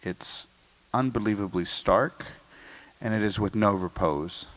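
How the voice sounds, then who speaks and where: A man's voice: on the low side, measured pace, fairly bright tone. An American man, a guest conductor, explaining a symphony in an interview and singing snippets of melody to make his points. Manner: sings and hums melodies to illustrate points.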